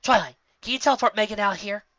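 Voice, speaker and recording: A fan fiction reader voicing a calm, commanding alicorn princess. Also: mid-range voice, fast, dry recording, dull audio, voice pushed up, natural voice.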